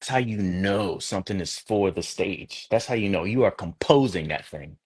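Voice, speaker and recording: A man with a low voice talks as a guest poet in a relaxed interview. He thinks aloud, restarting phrases as he explains his craft. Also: normal speed, husky. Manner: reflective, many restarts, conversational. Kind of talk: casual interview talk.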